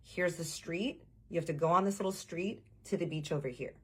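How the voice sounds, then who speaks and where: A woman vlogger telling a casual storytime. She is animated, swears freely and talks straight to her viewers. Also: on the low side, a little fast, husky.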